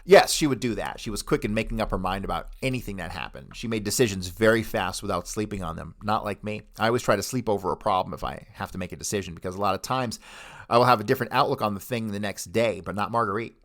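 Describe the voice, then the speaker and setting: A man's voice: on the low side, fast, natural voice. A man reading aloud the testimony of a middle-aged woman witness with a Louisiana accent, answering in a plain, matter-of-fact way.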